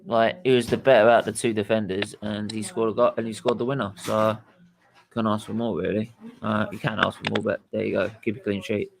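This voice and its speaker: A man's voice: fairly low pitch, level tone, a little fast, creaky, a crowd in the background, poor audio. A man hosting a casual football reaction chat, blunt and sweary, rambling with restarts. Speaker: host.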